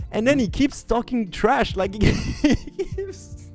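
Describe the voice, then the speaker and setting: A man's voice: high voice, sing-song, unhurried, a little mellow, faint music behind. A man with a French accent, a podcast guest telling a story casually, with many fillers and restarts and slips into French. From France. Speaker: podcast guest, competitive gamer.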